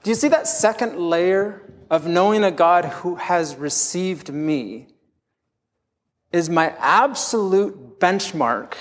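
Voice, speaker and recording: Candid pastor preaching in a reverberant hall. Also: male voice, high voice, slow. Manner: candid, self-deprecating, animated storytelling. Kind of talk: sermon.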